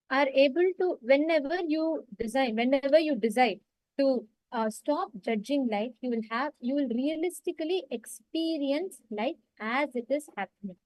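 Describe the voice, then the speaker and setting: Give me a high-voiced woman telling a teaching story. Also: darkish tone, no room sound, low-quality recording. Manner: storytelling, earnest and explanatory. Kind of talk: teaching talk with a parable.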